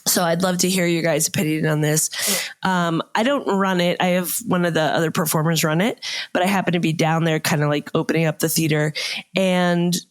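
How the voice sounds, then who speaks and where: A woman's voice: on the low side, fairly even intonation, a little fast. A woman, an improv performer co-hosting a podcast, telling a story in a chatty, filler-heavy way. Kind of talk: casual storytelling.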